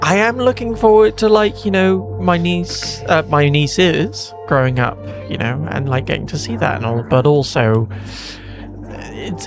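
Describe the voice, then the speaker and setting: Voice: medium pitch, gravelly. A streamer chatting casually during a game playthrough, rambling with many fillers. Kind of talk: casual let's-play chat.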